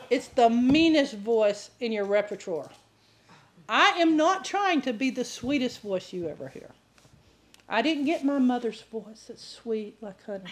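High-voiced woman preaching with stories. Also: measured pace. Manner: animated, laughing, acts out quoted voices. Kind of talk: sermon with storytelling.

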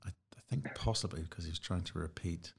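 Low-voiced man hosting a chat. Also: vocal fry, breathy edge. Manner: measured, reflective, often restarts phrases. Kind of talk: casual conversational interview.

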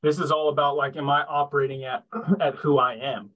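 A man's voice: fairly high pitch, flat delivery, brisk, narrow, tinny audio. A man appearing as a podcast guest, talking candidly and rambling as he searches for words. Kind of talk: casual podcast talk.

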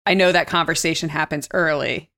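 A woman's voice: low-pitched, fairly even intonation, a little fast, fairly bright tone. A woman hosting a podcast, asking her guest friendly, rambling questions with fillers. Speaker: podcast host. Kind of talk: casual interview chat.

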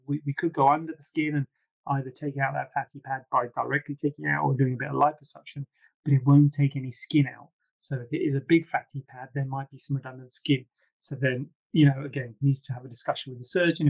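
This man, a plastic surgeon, chats his way through a live viewer Q&A, wandering off topic and poking fun at himself. He has a medium pitch with vocal fry and a darkish tone, and the audio lacks its high end.

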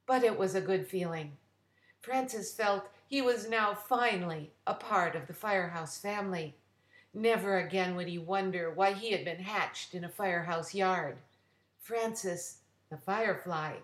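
Woman storyteller, gentle read-aloud, echoey room. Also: medium pitch, measured pace. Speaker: storyteller and writer. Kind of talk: reading a children's story aloud. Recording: roomy echo.

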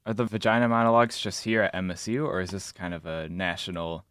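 A man's voice: sits low, steady tone, fast talker, a bit bright, clear, resonant tone, no room sound, clean studio sound. A young man hosting a radio interview show, polite and a little scripted, with some "uh" fillers. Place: radio studio.

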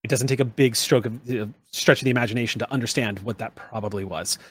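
A man narrating a tabletop role-playing game as game master, measured and explaining the scene and rules. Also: mid-range voice, slightly rough, dry recording.

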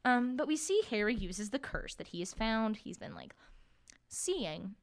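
A woman's voice: fairly high pitch, animated, measured pace. A young woman co-hosting a podcast, chatting casually about a book and acting out quotes. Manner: chatty, many fillers, acts out quotes. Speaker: podcast co-host. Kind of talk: casual book-discussion chat.

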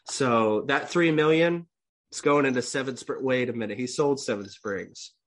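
A man's voice: medium pitch, normal speed, slight background noise. Young male co-host, stuffed up, blunt and profane. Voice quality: swears freely, clears throat often. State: congested, coughing. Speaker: podcast co-host. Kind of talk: casual chat.

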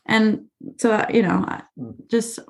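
A woman's voice: a little high, fairly even intonation, unhurried, gravelly, a little mellow. A young adult woman teacher telling stories in a casual interview, chatty and full of fillers like "like" and "you know.". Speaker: teacher, podcast guest.

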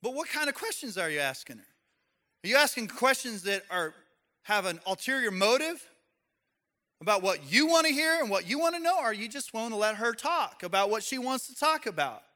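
A man preaching a sermon, an animated storyteller who speaks straight to his congregation. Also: very high voice, a little fast. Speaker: pastor.

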